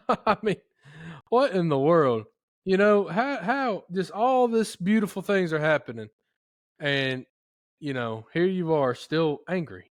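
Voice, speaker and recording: A man hosting a podcast, telling a story in a rambling, folksy, animated way. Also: high voice, takes it slowly, no echo, clean studio sound. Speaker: podcast host. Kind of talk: casual storytelling chat.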